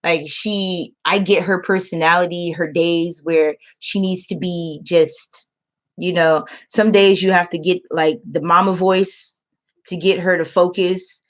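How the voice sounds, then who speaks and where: A woman's voice: on the low side, steady tone, unhurried. A woman who tutors English online, telling a story to camera in casual chat and acting out the quotes. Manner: emotional storytelling, acts out quotes.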